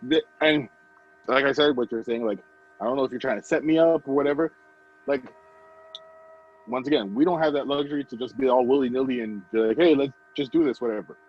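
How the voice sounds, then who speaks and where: A man co-hosting a casual podcast chat, telling a story with lively acted-out quotes. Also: mid-range voice, brisk, long pauses, muffled recording. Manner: animated storytelling, acts out quoted voices. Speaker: podcast co-host.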